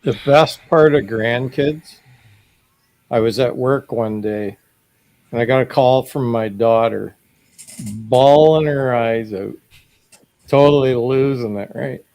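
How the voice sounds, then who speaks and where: A middle-aged grandfather chatting casually in a group, telling stories in a slow, dry way. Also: mid-range voice, a little mellow. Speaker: open mic participant.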